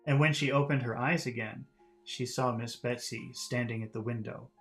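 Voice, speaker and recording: A man teaching English, reading a novel aloud and explaining vocabulary in a relaxed way, with many fillers and restarts. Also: mid-range voice, normal speed, faint music behind.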